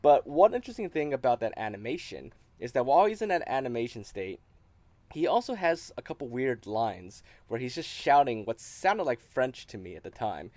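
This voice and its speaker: A man hosting a gaming video, explaining in a relaxed, casual way, with frequent restarts. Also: medium pitch, normal speed, dry recording. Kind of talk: casual commentary.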